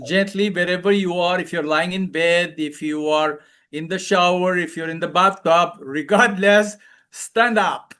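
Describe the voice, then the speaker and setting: A man coaching a live webinar, loud and playful, calling out repeated commands and leading laughter exercises over a video call. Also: sits high, fairly even intonation, unhurried, clean tone. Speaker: wellness coach, webinar speaker.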